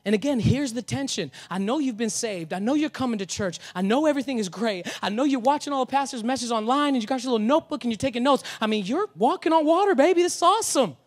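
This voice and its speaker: A male pastor preaching a sermon in a casual, energetic way, with humor and slang. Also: extremely high pitch, fast, hardly any pauses.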